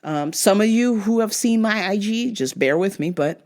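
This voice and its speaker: A woman's voice: expressive, normal speed, darkish tone. A woman hosting her own show, telling a story in a blunt, profane, casual rant. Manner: blunt and profane, big swings in pitch. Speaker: show host.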